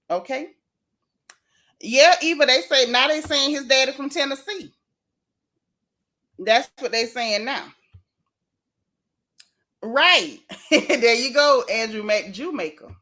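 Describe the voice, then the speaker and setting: Middle-aged woman, animated casual commentary, voice sitting a bit high. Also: slow pace, long pauses. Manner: animated, exclaiming, chatty. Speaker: gossip vlogger.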